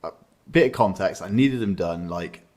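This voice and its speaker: A man's voice: low voice, normal speed, a little mellow. A man co-hosting a casual podcast, telling an anecdote with swearing and quoted dialogue. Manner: swearing, storytelling with acted quotes. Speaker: podcast co-host. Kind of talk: casual chat.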